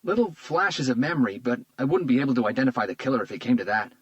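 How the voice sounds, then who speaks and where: A man's voice: mid-range voice, big pitch swings, fast, dry recording, muffled recording, pitched above the performer's own voice, natural voice. A man voicing a frail, wounded male detective in hospital who jokes wryly. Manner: wry and joking.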